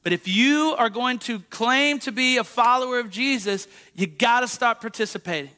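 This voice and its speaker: A man with a high, bright voice preaches in a church. He keeps it conversational and lively, often checking in with the congregation. His tone stays clear and ringing throughout. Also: normal speed. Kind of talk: sermon.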